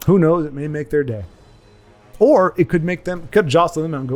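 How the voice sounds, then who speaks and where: A man's voice: on the high side, brisk, faint music behind. A man hosting a gaming channel, chatting casually and rambling over his gameplay, correcting himself often and slipping into goofy voices when he quotes people. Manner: rambling, self-correcting, folksy asides.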